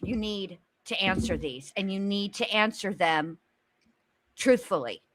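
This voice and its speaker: A woman's voice: mid-range voice, lively intonation, measured pace, a bit bright, slight background noise. A woman co-hosting a casual commentary chat, pleading earnestly and reading aloud with blunt asides. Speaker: co-host.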